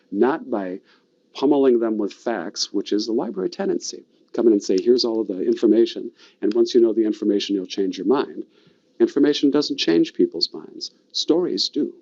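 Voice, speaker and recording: A man giving a storytelling talk, expressive with dramatic pauses. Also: lowish voice, lo-fi sound. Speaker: storytelling presenter.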